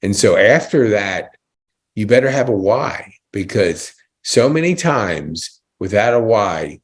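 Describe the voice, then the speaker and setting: A man's voice: fairly low pitch, expressive, takes it slowly. A man hosting an interview, enthusiastic and rambling, often restarting his sentences. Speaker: podcast host. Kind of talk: casual interview chat.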